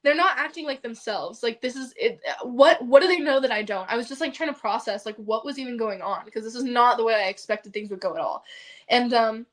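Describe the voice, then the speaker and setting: A woman's voice: on the high side, a little fast. A young woman, a podcast guest, casually telling a personal story in a chatty way, filling her speech with "like".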